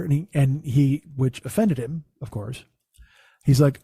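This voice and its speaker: A man's voice: mid-range voice, moderate pace, warm tone, breathy edge, dry recording, studio quality. A man, a comedian hosting his own podcast, telling a rambling, profane story with many restarts. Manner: rambling, profane, self-interrupting. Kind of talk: casual comic storytelling.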